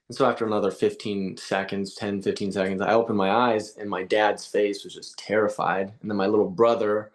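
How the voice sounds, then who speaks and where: A man as a podcast guest, telling a personal story in a casual, animated way, acting out quoted voices and saying "like" often. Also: fairly low pitch. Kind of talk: storytelling in conversation.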